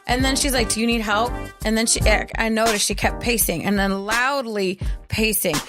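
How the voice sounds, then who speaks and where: A woman co-hosting a podcast, retelling a story in a heated, profane, animated way in casual chat. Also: on the high side, moderate pace, over music. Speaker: podcast co-host.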